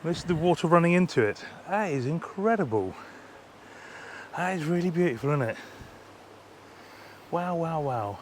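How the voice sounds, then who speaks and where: A man chatting as a travel vlogger outdoors, teasing and enthusiastic, quick to exclaim. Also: fairly high pitch, animated, a little hiss or hum. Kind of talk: casual travel vlog chat. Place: outdoors at a lakeside monastery.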